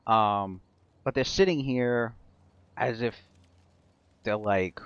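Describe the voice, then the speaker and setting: A man's voice: lowish voice, slow pace, fairly bright tone, smooth, no room sound, muffled recording. Rambling male game master. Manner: rambling, full of fillers and restarts. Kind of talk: narrating a tabletop game.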